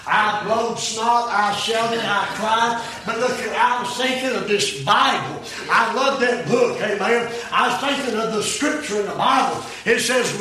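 An older man preaches in a high, ringing voice, jumping from shouts to hushed, folksy asides. He sounds set back from the microphone in a very echoey hall. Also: unhurried, few pauses. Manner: swings between shouted peaks and low, quiet asides; folksy plain-spoken preaching. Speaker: preacher giving his testimony. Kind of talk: fiery sermon. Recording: echoey room, voice from a distance.

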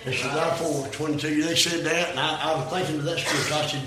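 An older man preaches in a high, ringing voice, jumping from shouts to hushed, folksy asides. He sounds set back from the microphone in a very echoey hall. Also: fairly even intonation, fast, a loud crowd. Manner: swings between shouted peaks and low, quiet asides; folksy plain-spoken preaching. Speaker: preacher giving his testimony. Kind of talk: fiery sermon. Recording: echoey room, voice from a distance.

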